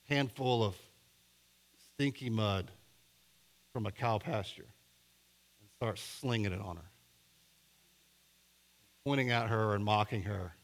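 Telling a story in his sermon, a middle-aged pastor moves between quiet, low passages and loud, forceful ones.

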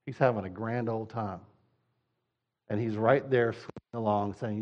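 A man's voice: fairly low pitch, fairly even intonation, unhurried, long pauses. Male pastor, sermon; direct, repetitive emphasis; slightly muffled recording.

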